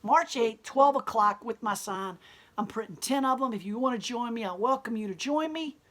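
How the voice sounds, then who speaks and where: A woman's voice: fairly high pitch, normal speed, a bit bright. A woman who owns a gallery speaks bluntly and defiantly in an impassioned interview monologue. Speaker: gallery owner and protester.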